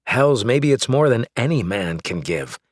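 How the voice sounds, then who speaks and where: A man narrating a novel in the first person, measured and wry. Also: medium pitch, very animated, breathy edge, no room sound, clean studio sound. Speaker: audiobook narrator.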